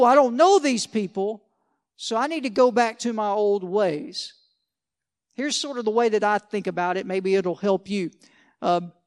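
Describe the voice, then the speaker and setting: A male pastor delivers a sermon in a chatty, conversational way. His voice sits unusually high for a man. He keeps checking in with rhetorical questions and tossing off joking asides. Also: clean tone.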